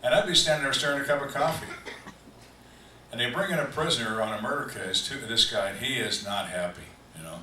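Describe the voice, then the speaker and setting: An older man who was a homicide detective tells dry, deadpan stories with slow, emphatic pauses at a live fan Q&A. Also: mid-range voice, slight background noise. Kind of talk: live storytelling Q&A. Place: event room on a cruise ship, live audience. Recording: echoey room, distant mic, faint ambience.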